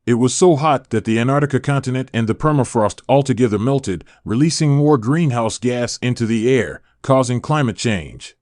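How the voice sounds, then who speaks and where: Guy playing a rattled news reporter, mid pitch, dry mic, kinda shaky. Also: normal speed, few pauses, darkish tone, no echo, close to an everyday voice. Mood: shaken. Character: male news reporter horrified by a heat disaster. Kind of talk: fictional emergency broadcast drama.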